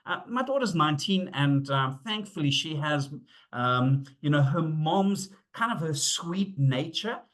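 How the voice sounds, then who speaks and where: A middle-aged man presenting a webinar on safety, telling stories in an animated way, acting out the dialogue and using frequent fillers. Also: a little high, measured pace. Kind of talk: storytelling talk.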